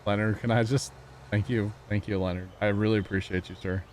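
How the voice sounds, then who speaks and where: Male streamer, deep low register, rambling casual banter with chat. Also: steady tone, fairly quick, slight background noise. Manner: rambling, chatty, talks to chat, laughs often. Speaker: livestream host. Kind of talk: casual chat while gaming.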